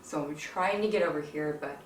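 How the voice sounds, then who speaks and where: A woman talks to her viewers in a low voice, rambling and emotional and a little short of breath. She records in an echoey home kitchen, with the camera set back from her. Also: a little fast, slight background noise. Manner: rambling, filler-heavy and emotional, addresses viewers as "you guys". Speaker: home cooking channel host. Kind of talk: chatty cooking vlog. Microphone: camera on a tripod. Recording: echoey room, mic at a distance.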